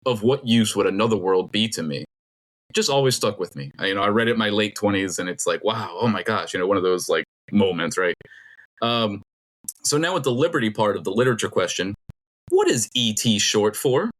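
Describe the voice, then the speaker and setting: Low-voiced rambling quiz host, a man. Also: animated. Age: middle-aged. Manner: rambling, laughs often, reads clues slowly. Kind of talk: casual podcast quiz hosting.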